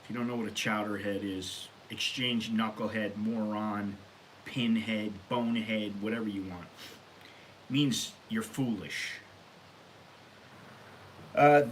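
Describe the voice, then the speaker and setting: An American man hosting his own vlog, talking casually and bluntly, rambling and working himself up into loud rants. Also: lowish voice, measured pace, long pauses, slight background noise. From United States. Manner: rambling, blunt, gets worked up and loud when ranting. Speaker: vlog host. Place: Thailand.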